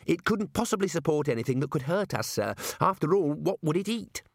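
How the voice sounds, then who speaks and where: A man's voice: a little high, lively intonation, a little fast, vocal fry, no echo, voice pushed up. A man voicing a patient, nervous young male wizard scholar who objects carefully.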